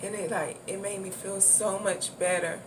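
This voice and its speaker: A woman's voice: medium pitch, fairly even intonation, moderate pace. A woman giving a casual spiritual talk in a loose, repetitive way, swearing now and then. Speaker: spiritual vlogger. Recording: distant mic with clear background noise.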